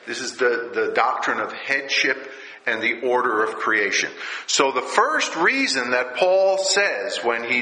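A man's voice: on the high side, sharp tone. A man preaching a sermon and teaching from scripture. He often checks in with his listeners with rhetorical questions. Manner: rhetorical, keeps asking "all right?". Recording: echoey room.

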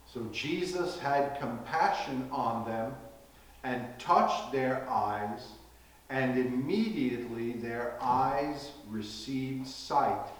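A man teaching a Bible study casually, in a slow, conversational way with frequent asides asking "right?". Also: mid-range voice. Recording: echoey room, heard from a distance.

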